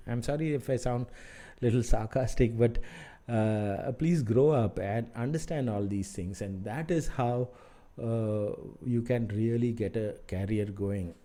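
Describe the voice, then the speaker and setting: A man's voice: medium pitch, dark tone. A middle-aged man with an Indian English accent gives career advice as an architect mentor, talking frankly with many fillers and restarts. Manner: rambling, halting with fillers, frank and mildly sarcastic. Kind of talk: advice talk to camera.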